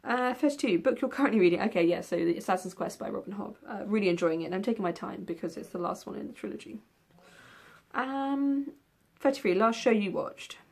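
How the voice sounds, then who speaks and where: A woman's voice: medium pitch, expressive, brisk, vocal fry, darkish tone. Chatty young woman vlogging, rambling. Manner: rambling, with many ums and yawns. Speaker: book vlogger. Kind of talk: casual tag video chat.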